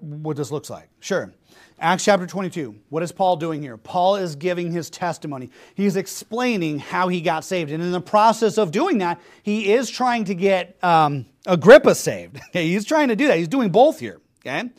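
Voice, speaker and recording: Male preacher mid-sermon, emphatic and scornful, voice a bit high. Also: normal speed. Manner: emphatic, mocking, repeats rhetorical questions.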